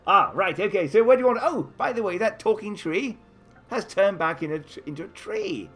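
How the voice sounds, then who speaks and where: A man's voice: high voice, fairly quick, soft background music. A man running a live tabletop adventure game for kids, narrating scenes and offering the players choices. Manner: animated storytelling, offering choices. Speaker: game master.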